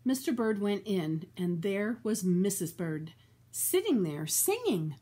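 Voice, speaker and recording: An older woman reading a children's storybook aloud, slow and expressive, chatting about the story as she goes. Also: mid-range voice, slightly rough.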